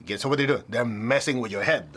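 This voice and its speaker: A man's voice: medium pitch, fairly quick, fairly bright tone. A man teaching a spiritual talk to an audience, casual and blunt, often acting out the voices of people he quotes.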